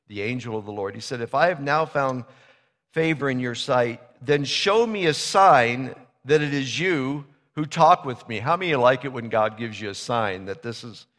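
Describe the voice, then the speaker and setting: Conversational preacher in a reverberant hall. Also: male voice, medium pitch, fairly bright tone. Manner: storytelling, conversational, acts out biblical dialogue. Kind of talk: sermon.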